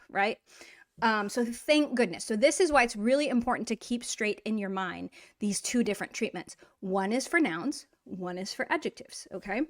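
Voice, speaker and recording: A woman teaching a grammar lesson in a chatty, encouraging way, asking rhetorical questions and slowly drawing out example words. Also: mid-range voice. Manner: drawn-out model pronunciation of example words. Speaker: Russian language teacher.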